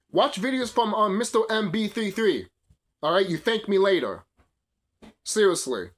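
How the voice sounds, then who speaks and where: A man's voice: sits high, a bit bright. A young man hosting his channel, delivering a heated, profane, rambling rant. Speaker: video channel host. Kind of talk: ranting commentary.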